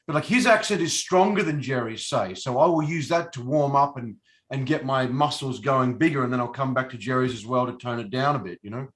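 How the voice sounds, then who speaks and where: An Australian actor, a middle-aged man, chats casually in an interview with a mid-range, somewhat bright voice at a fairly quick pace. He rambles and hesitates, with many fillers and restarts.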